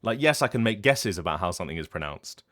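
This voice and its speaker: A man from Britain with a low voice talks on his live stream in a loose, rambling way. He works as a voice actor and chats with plenty of fillers and restarts. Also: lively intonation, fast talker, fairly bright tone. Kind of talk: casual chat to a live stream. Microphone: streaming mic.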